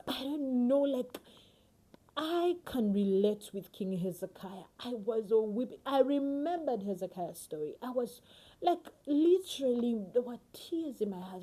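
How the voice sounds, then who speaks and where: A woman giving a personal devotional Bible teaching, earnest and emotional, often sinking to a hushed near-whisper. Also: on the high side, expressive, a little slow.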